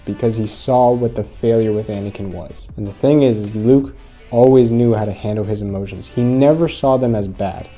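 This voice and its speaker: A man's voice: medium pitch, dark tone. A man hosting a channel who talks earnestly to his viewers, retelling a story to make a point. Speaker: host. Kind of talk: motivational commentary.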